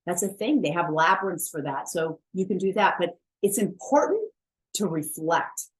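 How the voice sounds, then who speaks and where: A woman's voice: fairly low pitch, animated, normal speed. A woman wellness coach giving a chatty, emphatic motivational talk, blunt and self-mocking, with the odd swear word.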